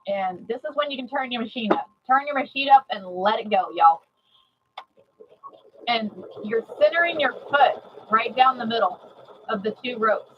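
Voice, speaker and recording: A woman giving a live sewing demonstration, chatty and excitable, repeating herself and greeting viewers. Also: a little high, normal speed, lo-fi sound, slight background noise. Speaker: sewing instructor.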